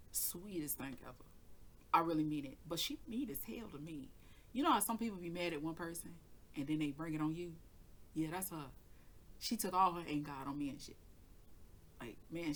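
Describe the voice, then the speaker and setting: Woman spilling a story, cussing a lot, plays everybody's lines herself, lowish bright punchy voice. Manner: animated, profane storytelling with acted-out dialogue. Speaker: tarot reader and channel host. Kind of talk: casual storytelling.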